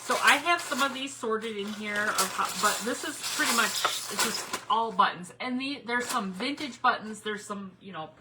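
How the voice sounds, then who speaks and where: A woman's voice: a little high, moderate pace, hardly any pauses, heavy background noise. A middle-aged woman, hosting a casual craft livestream, folksy and chatty as she greets viewers by name. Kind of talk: casual live-stream chat.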